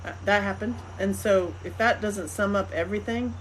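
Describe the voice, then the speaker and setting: A middle-aged woman hosting a podcast, chatting casually and telling rambling, animated stories. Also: medium pitch, normal speed, a little hiss or hum. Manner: rambling, animated storytelling with laughs. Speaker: podcast host. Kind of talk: casual chat.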